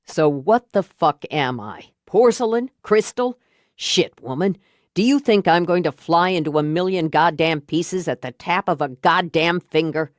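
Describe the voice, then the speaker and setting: A woman's voice: deep voice, lively intonation, measured pace, no room sound, clean studio sound. A woman voicing Benny, a stubborn protective man. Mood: angry. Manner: pleading, then blunt and angry. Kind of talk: audiobook character voicing.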